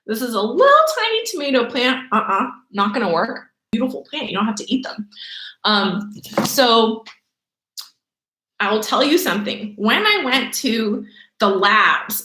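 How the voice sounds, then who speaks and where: Young woman teacher, chatty and animated, high voice, roomy echo. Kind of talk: remote lesson for kids. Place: room at home.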